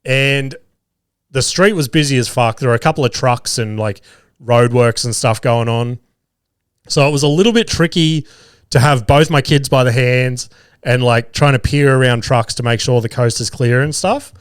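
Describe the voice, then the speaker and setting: Casting: Australian male podcast host, 30s, smooth voice, dry close mic, lively yarn-spinner who swears. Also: mid-range voice, moderate pace, no echo. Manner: animated, swears freely, laughs at himself. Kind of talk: casual storytelling monologue.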